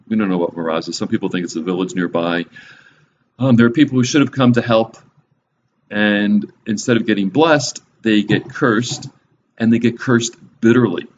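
Low-voiced man casually teaching Bible. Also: a little mellow. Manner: conversational, wry and joking. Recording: slightly dull recording with faint hiss.

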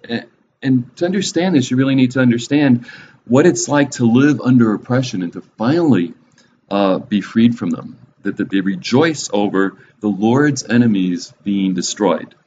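Low-voiced man casually teaching Bible. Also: lively intonation, moderate pace, darkish tone. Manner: conversational, wry and joking. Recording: slightly dull recording with faint hiss.

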